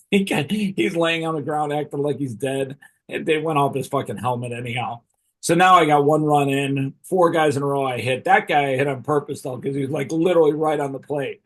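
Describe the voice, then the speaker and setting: Man, middle-aged, husky, casual storytelling, cursing, laughing host. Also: fairly high pitch. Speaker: podcast host.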